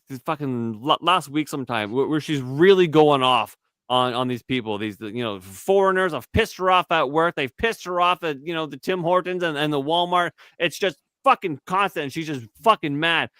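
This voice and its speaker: A man co-hosting a casual podcast, wandering through his stories with plenty of swearing. His voice sits a little high for a man. The recording is close and dry, with no room sound. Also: moderate pace, fairly bright tone, smooth, no room sound. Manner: rambling, profane storytelling. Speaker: podcast co-host. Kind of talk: casual chat.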